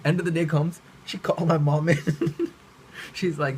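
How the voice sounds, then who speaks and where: A Canadian man, a vlogger, telling a childhood story in a lively way and laughing between lines. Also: a little high, unhurried, pauses often, slight background noise, rough recording. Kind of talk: storytime vlog.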